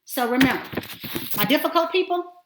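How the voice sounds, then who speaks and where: A woman teaching a self-affirmation lesson in an encouraging, animated way, at times dropping to a near-whisper. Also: sits high, brisk, noisy background. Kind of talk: casual spoken lesson. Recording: roomy echo.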